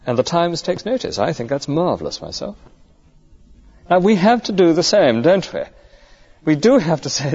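A man's voice: fairly high pitch, sing-song, normal speed, pauses often, darkish tone, husky, highs cut off. A male clergyman giving an earnest, conversational sermon full of rhetorical questions.

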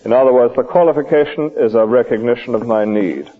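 A man's voice: mid-range voice, quick pace. A man preaching a sermon at a lunch hour church service, asking his listeners question after question. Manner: lively, questioning preaching with rhetorical asides. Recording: dull lo-fi old recording.

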